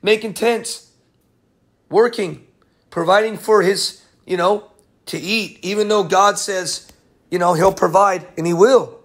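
A man preaching a casual verse-by-verse sermon, animated and jokey, often dropping into quick character voices. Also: high voice. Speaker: pastor and bible teacher.

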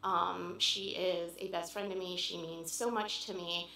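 A woman in her forties from Pennsylvania speaking earnestly and warmly to a church congregation, pausing often with "um". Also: lowish voice, little pitch movement, creaky, slight background noise. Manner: earnest and heartfelt, many "um" pauses. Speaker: visiting churchgoer addressing the congregation. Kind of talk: informal church speech. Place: church sanctuary. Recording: echoey church room.

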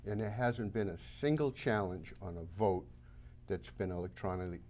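A self-assured man with a Boston accent talks on a local talk show. He sets out his points one by one, emphatic and certain. His voice sits a little low. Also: normal speed, darkish tone, a little hiss or hum. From Massachusetts. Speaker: town moderator candidate.

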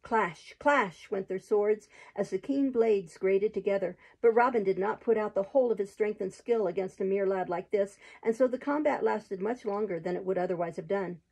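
A woman reading a classic adventure tale aloud chapter by chapter in a gentle, steady manner. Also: medium pitch, moderate pace, gravelly, few pauses, breathy edge, rough recording. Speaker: host reading a book aloud. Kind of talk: storybook read-aloud.

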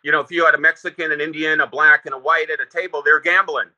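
Bright-voiced former prison officer, lo-fi. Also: male voice, fairly high pitch, fast. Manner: relaxed, rambling with restarts and fillers. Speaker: former prison lieutenant, guest. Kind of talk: casual interview storytelling.

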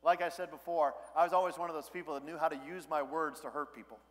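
A man's voice: on the high side, steady tone, quick pace. A man in his thirties, a pastor giving a conversational sermon with personal stories and self-deprecating humor. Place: large church sanctuary. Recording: long church hall reverb.

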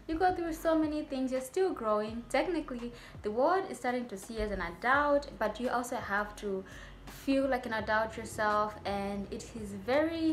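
A young adult woman, a medical student vlogger, talking to her viewers in a chatty, rambling way with playful asides. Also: fairly high pitch. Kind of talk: casual vlog talk to viewers.

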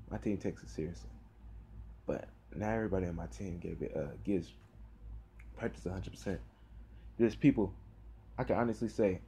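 A teenage boy talking casually to camera in a tired, rambling way, with sighs and halting fillers. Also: sits low, warm tone, slight background noise. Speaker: vlogger. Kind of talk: casual talk to camera about football practice.

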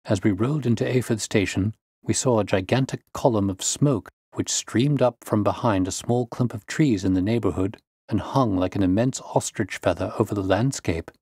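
Male storyteller, measured audiobook narration, low voice. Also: darkish tone, slightly rough, no echo, studio quality.

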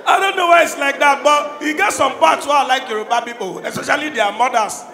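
A man from Anambra State doing stand-up comedy in Nigerian Pidgin, shouting his punchlines to a live crowd. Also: very high voice, a little fast, gravelly. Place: live comedy show in a large hall. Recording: echoey hall, crowd noise. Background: crowd laughing and cheering.

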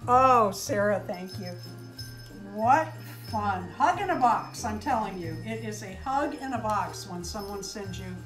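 Woman doll-channel host, slow and gushing, unboxing chat; echoey room, faint music bed. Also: mid-range voice. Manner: gushing, exclaims over each gift.

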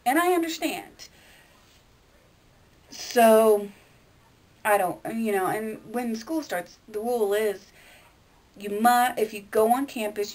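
A woman vlogging to her viewers in a casual, rambling way, blunt and quick to swear. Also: medium pitch. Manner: chatty, addresses viewers directly. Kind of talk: casual chat to camera.

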